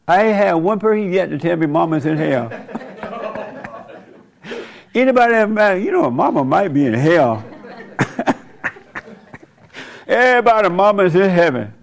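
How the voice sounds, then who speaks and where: A man with a somewhat high and gravelly voice hosts a loose spoken monologue. He drawls colloquial phrases, drifts from story into preaching, and keeps breaking into laughs at his own remarks. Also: big pitch swings, moderate pace, long pauses.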